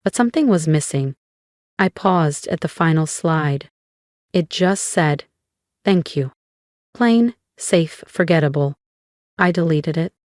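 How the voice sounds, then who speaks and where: A woman narrating a first-person story in a measured, cool manner with dramatic pauses. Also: low voice, animated, darkish tone, dry recording, studio quality.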